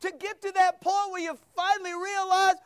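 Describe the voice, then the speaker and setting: A man's voice: very high voice, moderate pace, dry recording, clean studio sound. A man preaching a sermon, reading scripture and acting out voices as he goes. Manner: animated preaching, acts out quoted voices. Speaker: pastor.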